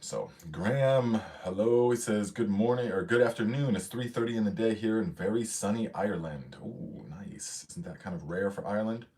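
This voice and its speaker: A man's voice: on the low side, normal speed, hardly any pauses, warm tone. A man from the hosting a casual livestream, chatting loosely, reading out viewer comments and greeting them, slightly out of breath. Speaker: livestream host.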